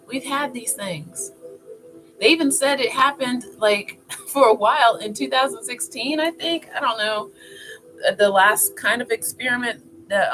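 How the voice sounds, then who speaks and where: A woman vlogger talking casually to camera in a chatty, animated way, often laughing. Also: on the high side. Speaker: wellness vlogger. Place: indoor filming setup with two cameras. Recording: clear music playing behind. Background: music.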